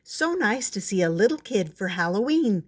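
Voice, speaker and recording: A woman's voice: mid-range voice, big pitch swings, moderate pace, breathy edge, dry recording, studio quality. Woman doing a cheery big man. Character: friendly big man at the door.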